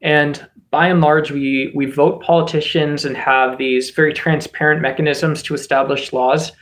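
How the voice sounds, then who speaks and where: A man's voice: a little high, level tone, normal speed, a bit bright. A man from the United States giving casual political commentary as a streamer host, rambling along and often restarting his sentences. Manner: rambling, many fillers and restarts.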